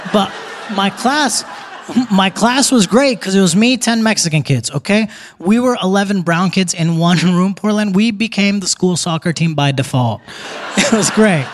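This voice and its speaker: Young man doing stand-up comedy, high voice. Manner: casual, joking, addresses the crowd directly. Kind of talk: live stand-up comedy set. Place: theater stage before a live audience.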